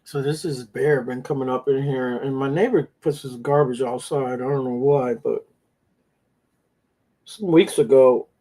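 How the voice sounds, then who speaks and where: A man's voice: mid-range voice, steady tone, unhurried, warm tone. A man telling rambling stories in a casual chat, with coarse slang.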